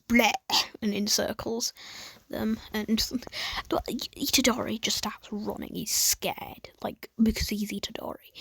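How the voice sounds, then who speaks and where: A woman casually retelling a fan story in a husky voice, rambling with many fillers and mostly whispering. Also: medium pitch, no echo.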